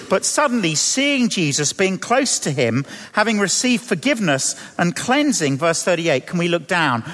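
A man, a vicar, preaching a sermon and telling the story with lively acted-out voices. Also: high-pitched, in a large hall.

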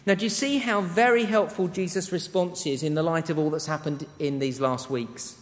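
A man preaching a sermon to a congregation, earnest and measured, with emphatic pauses. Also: fairly high pitch. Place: church to an international congregation. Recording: long hall reverb.

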